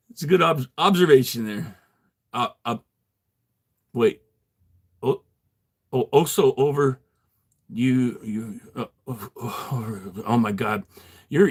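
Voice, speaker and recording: A man's voice: mid-range voice, breathy edge. A man livestreaming from his garage, chatting casually with viewers in a rambling, profane way, laughing often and answering chat. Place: home garage.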